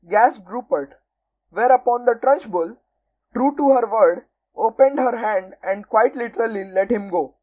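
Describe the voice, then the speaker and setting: A young woman narrating a children's storybook aloud in a measured, expressive way. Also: fairly high pitch, rough recording. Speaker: volunteer audiobook reader.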